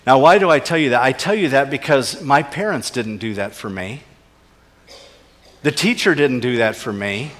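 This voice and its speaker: A man preaching a sermon with earnest emphasis, his voice rising on key points and dropping to soft, low asides. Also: big-room sound. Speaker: pastor.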